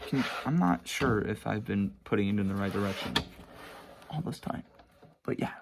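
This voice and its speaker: A man's voice: lowish voice, moderate pace, slight background noise. A teenage boy casually rambling about his own sketchbooks at home, swearing and mocking himself. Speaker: vlogger showing his sketchbooks. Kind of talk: casual chat.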